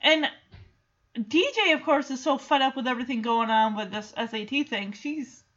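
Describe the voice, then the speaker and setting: High-pitched woman recapping an episode, sarcastic, chatty, kinda muffled audio. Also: normal speed, fairly bright tone. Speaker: recap podcast host. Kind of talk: casual episode recap commentary.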